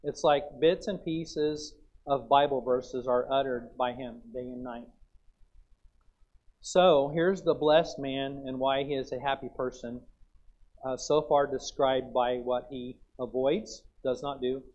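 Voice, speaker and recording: A man's voice: medium pitch, fairly even intonation, slow pace, darkish tone, lo-fi sound. A man preaching a sermon in a folksy, storytelling way, with plain asides and Bible quotes. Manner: folksy, acts out chewing sounds.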